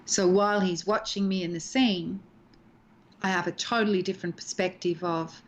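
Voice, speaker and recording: Expressive older woman explaining acting. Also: on the low side, normal speed. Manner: expressive, acts out lines as she explains. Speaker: actress and guest. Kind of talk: animated interview talk. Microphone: video call from home.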